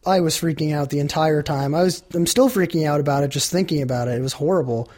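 A man's voice: on the high side, quick pace, darkish tone. A young man in his late teens, speaking casually in an interview, chatty and full of "like" fillers.

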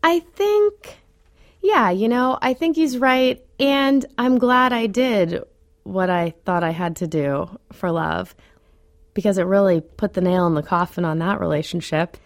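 A woman telling a personal story in a radio interview, chatty and animated, with many fillers and frequent laughs. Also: medium pitch, unhurried, no echo, clean studio sound.

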